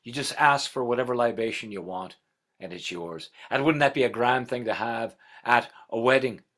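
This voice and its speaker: A man voicing a humble young princess who speaks softly and coaxingly. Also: mid-range voice, moderate pace, close to an everyday voice.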